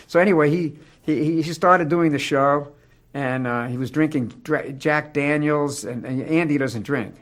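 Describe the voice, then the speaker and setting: Male interviewee, slightly higher voice; halting, stumbling storyteller. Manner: halting, stumbles over words.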